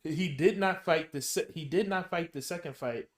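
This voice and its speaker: A man hosting a podcast in casual chat, halting and restarting as he builds his questions. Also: on the high side. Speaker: podcast host.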